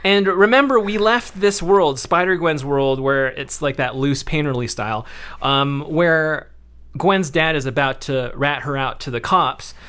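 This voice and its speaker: A man hosting a podcast, ranting in an animated way about a film in casual, profanity-laced talk. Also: a little high, unhurried, clean tone. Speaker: podcast host.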